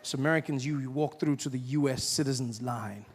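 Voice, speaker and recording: A man from South Africa doing stand-up comedy, acting out shouting officials in animated voices. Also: medium pitch, a little fast, slightly rough. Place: stage before a live audience. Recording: live show with audience noise.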